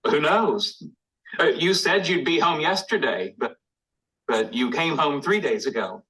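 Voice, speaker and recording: An actor playing a young man in a sitcom, speaking quick everyday conversational lines with a husky voice. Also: on the high side, animated, pushed and bright, full character voice, rough recording. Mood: casual. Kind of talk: sitcom dialogue.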